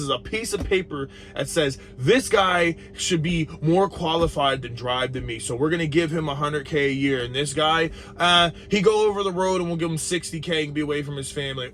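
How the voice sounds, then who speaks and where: A man's voice: on the high side, a little fast, fairly bright tone. A young adult man, a truck driver, talking bluntly and profanely in a casual vlog monologue.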